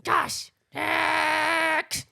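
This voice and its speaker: A woman's voice: high-pitched, monotone, extremely slow, vocal fry, sharp tone, pitched above the performer's own voice, heavily acted. A woman voicing a sassy, vain female bird puppet, cheeky and boastful as she teases her ventriloquist. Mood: flattered.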